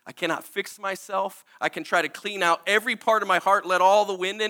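High bright-voiced earnest male preacher. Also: brisk. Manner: emotional, tearful at times, candid and earnest with frequent restarts. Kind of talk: sermon.

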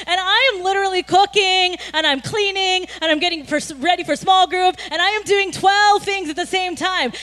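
A woman pastor giving a sermon in a conversational storytelling way, animated at times and full of "you know" and "like". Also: very high-pitched. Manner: frequent fillers like "you know" and "like".

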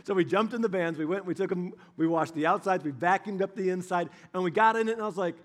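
A middle-aged man preaching with his wife, reading scripture slowly and telling stories in an earnest way. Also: sits high. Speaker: pastor.

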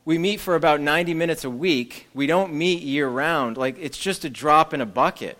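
A man's voice: a little high, moderate pace, fairly bright tone. Guy preaching to a church group, chatty and jokey, easygoing. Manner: casual, joking, conversational. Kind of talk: church teaching talk.

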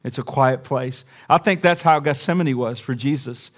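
A preaching pastor alternates hushed, thoughtful stretches with forceful repeated phrases and folksy side comments. His pitch is medium and his pace moderate.

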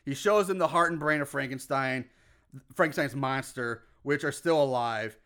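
A man's voice: medium pitch, normal speed, fairly bright tone, smooth. A man co-hosting a casual podcast, recapping a movie in a rambling way, laughing often and swearing casually. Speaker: podcast co-host.

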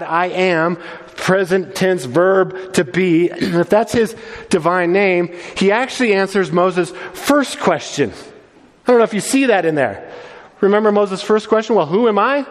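A man delivers a sermon with earnest conviction, his voice sitting a little high. He often restarts and doubles his words as he explains. The sound rings out with the long reverb of a large sanctuary. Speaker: preacher. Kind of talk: sermon with slides.

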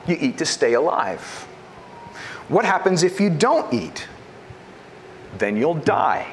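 A man preaching from the pulpit, his somewhat high voice leaping up and down as he pushes rhetorical questions at the congregation. He drops to a hush, then rises again for emphasis. A faint hiss of room ambience sits behind him. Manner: animated preaching, rhetorical questions, swings between loud and hushed. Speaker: pastor. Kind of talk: sermon.

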